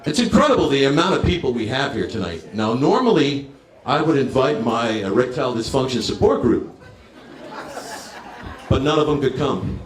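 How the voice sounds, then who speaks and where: A man's voice: medium pitch, big pitch swings, normal speed, echoey room. A man in his fifties from New Jersey doing a brash, crowd-working stand-up set. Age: 50s. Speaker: stand-up comedian. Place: bar stage.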